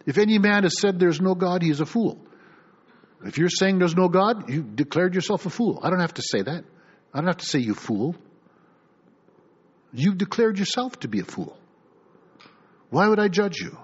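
A man's voice: sits high, a little fast, slightly rough. A middle-aged man preaching a sermon as pastor, reading scripture aloud and acting out the people in it. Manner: animated preaching, reads scripture aloud, acts out voices. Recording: dull lo-fi recording.

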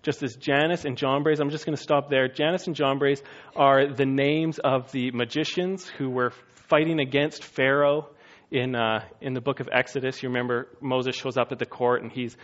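A man's voice: medium pitch, steady tone, moderate pace, dull audio. A man preaching a sermon in a casual, conversational way, now and then acting out quotes in funny voices. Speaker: pastor.

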